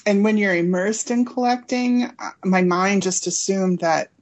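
A woman's voice: medium pitch, measured pace. Friendly woman guest, casual chat. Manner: friendly, slightly hesitant with frequent ums. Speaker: guest author and collector.

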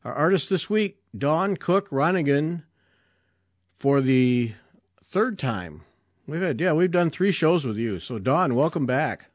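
A man's voice: a little high, expressive, slow pace, no room sound, clean studio sound. A man hosting a needlework podcast, chatty and enthusiastic, joking with his guest. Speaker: podcast host. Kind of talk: casual interview chat.

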